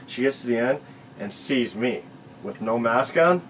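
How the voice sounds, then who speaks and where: A man's voice: mid-range voice, lively intonation, unhurried, a bit bright, a little hiss or hum, rough recording. A man co-hosting a casual chat, telling stories in a laid-back, profane, laughing way. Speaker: podcast co-host.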